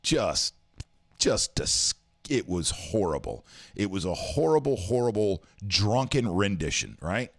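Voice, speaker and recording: Deep-voiced male host, easygoing and rambling, filler-heavy live-show banter. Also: big pitch swings, a little slow, creaky. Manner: rambling, full of "uh" fillers, self-deprecating. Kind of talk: casual monologue. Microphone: studio mic for a live stream.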